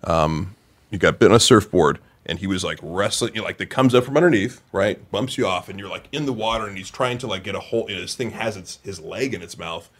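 A man with a very low voice telling a story in a loose podcast chat. He rambles, pauses and fills gaps. The delivery is casual and unhurried. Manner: rambling, hesitant, many fillers.

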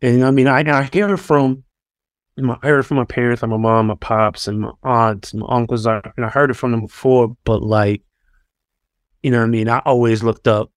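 A New Yorker who used to play pro basketball appears as a guest, telling loose, casual stories with lots of fillers and restarts. He has a mid-range voice with fairly even intonation and a brisk pace, recorded at studio quality with no room sound.

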